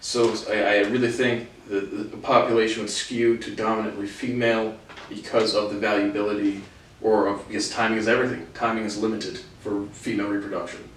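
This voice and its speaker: A man's voice: fairly low pitch, flat delivery, fairly quick, slight background noise. A man talking alone in a blunt, rambling way, swearing freely and often restarting his sentences. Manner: blunt, profane, repeats "again" and restarts. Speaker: solo commentator. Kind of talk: rambling solo monologue. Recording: very echoey room, distant mic.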